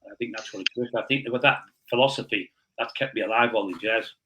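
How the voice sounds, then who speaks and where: A man as an interview guest, telling rough stories bluntly and swearing freely. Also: lowish voice, quick pace, background noise. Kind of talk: blunt storytelling in a casual interview.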